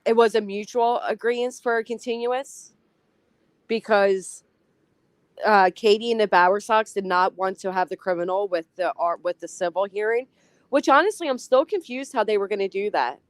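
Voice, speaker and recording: A woman hosts a relaxed livestream, rattling off viewer names and chatting casually with a laugh here and there. Her voice sits at an ordinary middle pitch. The sound is dry and close, with no room echo. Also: normal speed. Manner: chatty, greets viewers by name, laughs often. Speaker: livestream host. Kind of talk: casual live-chat commentary.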